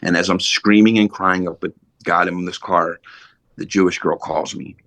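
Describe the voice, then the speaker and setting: A man's voice: sits low, fairly even intonation, normal speed, a bit bright, no room sound. A middle-aged man, a podcast guest, telling a blunt, profane, emotional story about his recovery in a casual way.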